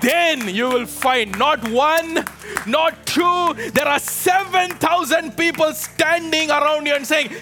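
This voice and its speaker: A man's voice: extremely high pitch, slow, music in the background. A man preaching a fervent sermon to his congregation, calling out to them, urging them and rousing them to respond. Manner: fervent, exhorting, calls out to the congregation. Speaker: pastor. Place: church with a live congregation.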